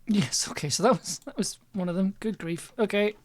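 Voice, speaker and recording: A woman's voice: medium pitch, brisk, darkish tone. A woman chatting loosely on her own live stream about making an audio piece, rambling and laughing often at herself. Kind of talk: casual live-stream chat.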